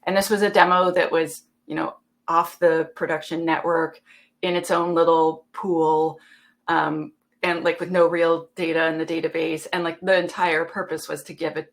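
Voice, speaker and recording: A woman on a panel, chatting casually and telling animated stories in which she acts out the dialogue. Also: low-pitched, moderate pace, creaky.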